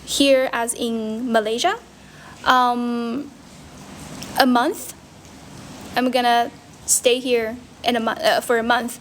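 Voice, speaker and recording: A young Chinese woman who teaches English hosts a casual livestream from a friend's house, answering comments. Her voice is fairly high and level, and she takes it slowly with frequent pauses, switching between English and Mandarin, repeating and correcting herself over a bit of background hiss.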